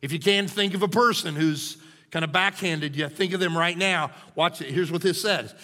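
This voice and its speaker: A male pastor preaches with emphatic, animated delivery, often checking in with the room. His fairly high voice is bright and forceful. A long reverb of a church sanctuary trails his words. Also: moderate pace. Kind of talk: sermon.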